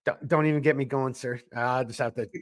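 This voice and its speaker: A man from Minnesota co-hosting a live podcast, talking in a blunt, worked-up way. He swears freely and rants through his points in a casual political chat, his pitch sitting in a middle range. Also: steady tone, fast. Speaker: podcast co-host; small business owner.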